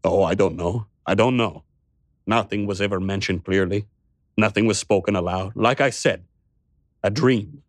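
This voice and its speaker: A man's voice: on the low side, moderate pace, no room sound, studio quality. A man voicing an irritable, evasive old tycoon who mutters his lines in an audiobook. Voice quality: muttering, testy.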